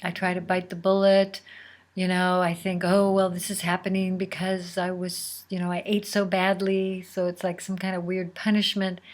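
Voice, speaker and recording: A woman host telling a personal story in a casual, unhurried way, sometimes dropping to a near whisper. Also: lowish voice, level tone. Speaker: podcast host.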